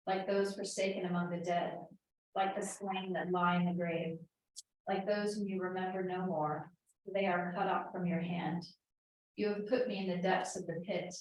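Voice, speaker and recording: A woman's voice: lowish voice, a little hiss or hum. Woman reading scripture, distant and echoey. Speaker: class member reading aloud. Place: church classroom.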